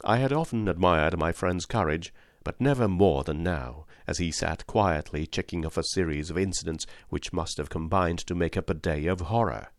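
Deep-voiced man reading an audiobook. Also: moderate pace, few pauses, no echo, studio quality. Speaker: audiobook narrator.

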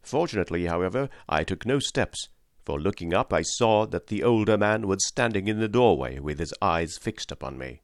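Dramatic low-voiced male narrator. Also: animated, no room sound, clean studio sound. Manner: measured, dramatic storytelling. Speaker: audiobook narrator. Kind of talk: scripted narration.

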